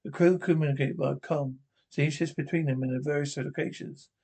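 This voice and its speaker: Raspy guy narrating a sci-fi episode, halting, a bit high-pitched. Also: fairly even intonation, a little mellow. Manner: halting, with frequent restarts. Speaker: describer of a TV episode. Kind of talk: reading an episode aloud with descriptions.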